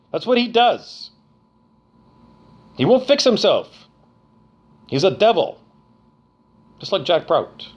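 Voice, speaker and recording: A man's voice: sits high, lo-fi sound. A middle-aged man from Canada ranting angrily to camera, profane, accusatory and repetitive. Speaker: vlogger. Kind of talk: angry rant to camera.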